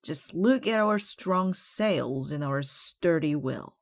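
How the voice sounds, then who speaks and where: A woman's voice: low voice, animated, slow pace, no echo, full character voice. A woman reading the lines of a bossy male pirate captain in a children's storybook, with a bold, blustery delivery.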